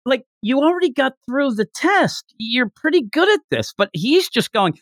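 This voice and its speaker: A podcast co-host in a casual manga discussion, telling the story in an animated way and often acting out what the characters say. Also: sits high, normal speed, no echo, clean studio sound.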